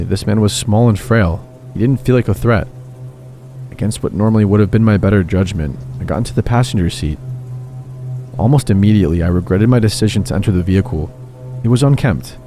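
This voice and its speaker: A man calmly telling horror stories in steady scripted narration. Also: on the low side. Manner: calm, steady storytelling. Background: faint background music.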